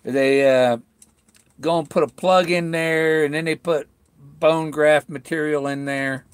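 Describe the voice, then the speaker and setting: A middle-aged man chatting on a home livestream, halting and full of restarts, talking with a sore mouth after tooth extractions. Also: fairly high pitch, steady tone, clean tone, dry recording. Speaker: vlogger talking to live viewers. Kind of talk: rambling casual livestream chat. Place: at home, indoors.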